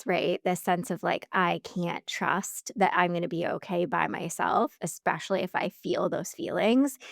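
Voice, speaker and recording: A woman's voice: fairly low pitch, vocal fry, dry recording, studio quality. A woman hosting an interview, who asks supportive follow-up questions and reflects back what her guest says. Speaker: podcast host.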